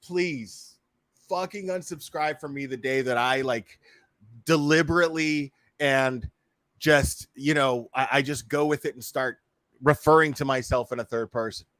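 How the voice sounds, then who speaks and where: A man's voice: mid-range voice, measured pace, a bit bright, no echo. Profane stammering man, dry close sound. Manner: laughing, profane, stammering restarts. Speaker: YouTube commentary host. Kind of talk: casual reaction commentary.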